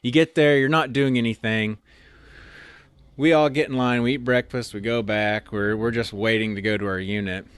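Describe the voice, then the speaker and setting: A man's voice: medium pitch, fairly even intonation, normal speed, clean tone, no room sound. A young man from Oklahoma, an officer candidate, casually telling a rambling story full of "like" and restarts. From Oklahoma, USA. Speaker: interview guest, officer candidate.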